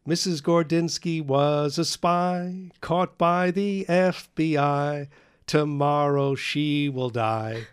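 A man voicing a tiny child singing a mocking rhyme slowly, in sing-song. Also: on the high side, smooth.

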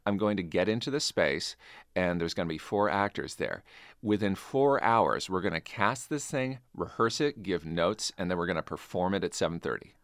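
A theater director talks as a guest in a radio studio, his voice very deep and close in a dry booth. He speaks with eager enthusiasm, full of ums and uhs, and pushes his energy up as he explains his plans. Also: moderate pace, dry recording. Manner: enthusiastic, animated, lots of fillers. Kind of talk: radio interview. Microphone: studio microphone.

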